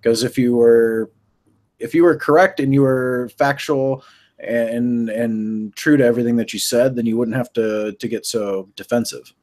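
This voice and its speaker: A man's voice: mid-range voice, steady tone, normal speed, darkish tone. A man appearing as a guest on a live stream, chatting casually and laughing easily, often hedging with "I mean.". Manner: easygoing, laughs, hedges with "I mean". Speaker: podcast guest. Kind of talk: casual chat.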